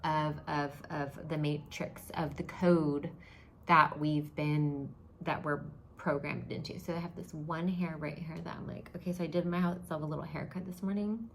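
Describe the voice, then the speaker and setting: Chatty woman with a lowish voice. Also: steady tone, normal speed, a little hiss or hum. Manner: chatty, restarts often, laughs at herself. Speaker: spiritual teacher. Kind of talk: casual spoken teaching to camera.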